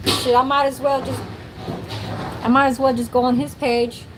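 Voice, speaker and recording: A woman's voice: high-pitched, level tone, moderate pace, background noise. A woman in her forties chatting casually on a livestream, telling childhood stories with lots of cursing and laughter and talking to her chat. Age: 40s. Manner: profane, laughing storyteller who talks to her chat. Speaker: livestream host.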